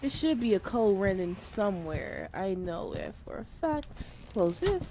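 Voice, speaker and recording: A woman's voice: medium pitch, very animated, measured pace, warm tone, a little hiss or hum. A young woman streaming a horror game, chatty and jumpy, talking to the game and to her viewers. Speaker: gamer streamer. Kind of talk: let's-play commentary.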